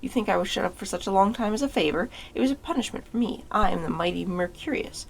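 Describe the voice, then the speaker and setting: A woman's voice: medium pitch, lively intonation, quick pace, vocal fry, slight background noise. A woman voicing a haughty, mighty male spirit trapped in a bottle, in a storybook reading. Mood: menacing. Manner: proud, threatening, then pleading.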